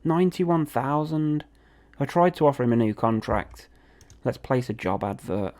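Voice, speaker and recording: A man's voice: medium pitch, warm tone. Chatty young man. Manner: chatty, reacting aloud as he plays. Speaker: gaming video host. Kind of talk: casual game commentary.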